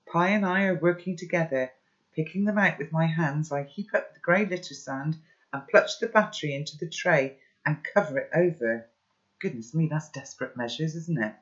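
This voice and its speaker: A man's voice: a little high, fairly bright tone, highs cut off. A man reading a children's novel aloud, with chatty asides to his listeners. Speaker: storybook reader.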